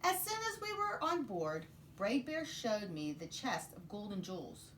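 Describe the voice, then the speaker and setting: A woman teacher reading a children's picture book aloud in an expressive, sing-song way. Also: mid-range voice, unhurried, slight background noise. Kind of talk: children's storybook read-aloud.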